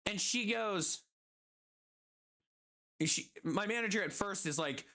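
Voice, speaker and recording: A woman's voice: mid-range voice, slow, pauses often, pushed and bright. A woman streamer telling a story casually while gaming, exasperated and swearing constantly.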